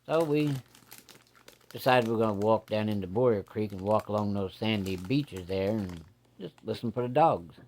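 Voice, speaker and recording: A man telling a first-person ghost story in a plain-spoken, folksy way, building suspense with slow, deliberate pacing. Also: lowish voice, animated, darkish tone. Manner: plain-spoken, drawling, folksy rural grammar.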